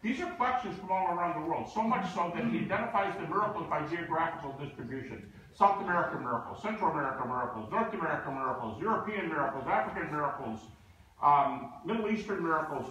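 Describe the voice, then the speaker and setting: Man, lecture, emphatic and animated, fairly high voice, booming hall reverb, far from the mic. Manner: emphatic, animated, acts out quoted opponents. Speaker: guest lecturer. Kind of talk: lecture with storytelling. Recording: echoey hall, distant mic.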